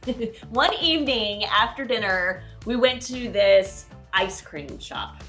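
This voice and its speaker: A middle-aged woman co-hosting a casual travel vlog, telling stories excitedly with lots of "oh my gosh.". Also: a little high, slow pace, soft background music. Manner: excitable storyteller, many gasps of "oh my gosh". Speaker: co-host.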